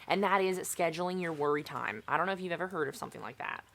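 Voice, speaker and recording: A woman's voice: deep voice, animated, quick pace, vocal fry, fairly bright tone. A young woman vlogging in a casual, chatty, self-mocking way while she makes crafts.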